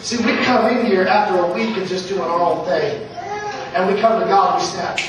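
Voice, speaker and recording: A man giving a lively church sermon with frequent "uh" fillers and shouted peaks, heard in a church sanctuary. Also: high voice, normal speed. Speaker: guest preacher. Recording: echoey church sound from far off, noisy.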